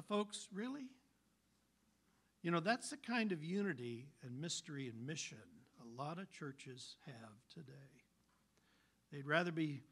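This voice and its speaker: A man preaching a sermon, telling stories in an animated, folksy way. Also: fairly high pitch. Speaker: pastor.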